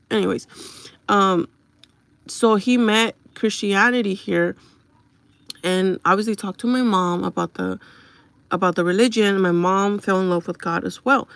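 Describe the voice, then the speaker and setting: A young woman chats to her livestream viewers from home. She sounds casual and confiding, with a gravelly, fry-heavy edge. Her voice is dry and close, and she turns blunt when brushing off trolls. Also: medium pitch, unhurried, long pauses, a bit bright, no echo.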